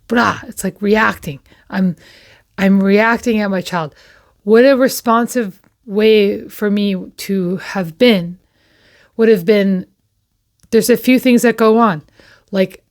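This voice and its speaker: A woman and parent hosting a recovery talk, speaking candidly and slowly with frequent pauses and repeated words. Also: medium pitch. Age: adult with children. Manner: candid and slow, pausing often and repeating herself. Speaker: recovery channel host. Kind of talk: reflective personal talk to camera.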